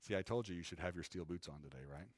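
A man's voice: low-pitched, very fast, slightly rough, big-room sound. A man preaching a sermon in a church, talking to the congregation in a conversational way and often adding "right?". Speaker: pastor. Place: church sanctuary.

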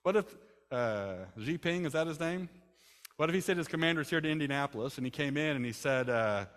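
Midwestern pastor preaching in a reverberant church. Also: male voice, fairly high pitch, animated, brisk, a bit bright. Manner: conversational preaching with rhetorical questions to the congregation. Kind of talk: sermon. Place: church sanctuary. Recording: long hall reverb.

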